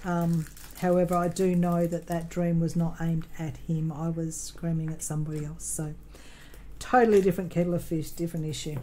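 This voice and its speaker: Low-voiced Australian woman rambling on. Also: level tone, a little fast, mellow, slight background noise, poor audio. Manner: rambling storyteller, many ums and self-corrections. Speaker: crafting vlogger. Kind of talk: casual chat while crafting.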